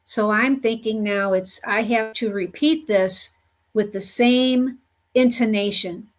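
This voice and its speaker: A woman medium telling a story in an earnest, unhurried way, with many "you know" fillers. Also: on the high side, steady tone. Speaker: spiritual medium. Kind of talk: storytelling monologue.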